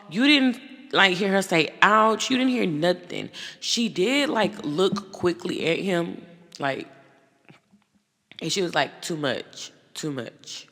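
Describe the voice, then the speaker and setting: A woman hosting a podcast, giving blunt, profane, animated commentary in a casual way. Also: medium pitch, long reverb tail. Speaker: podcast host.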